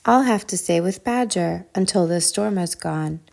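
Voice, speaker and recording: A woman voicing a small, kind male hedgehog in a storybook reading, earnest and bright. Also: lowish voice, moderate pace, gravelly.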